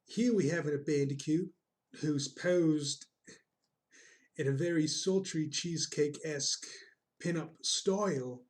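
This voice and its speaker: A man's voice: on the high side, slow, a little mellow. A man putting on a put-on Australian accent, voicing a male wildlife show host with over-the-top documentary narration. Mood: mock-solemn. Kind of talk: jokey impression during a drawing stream.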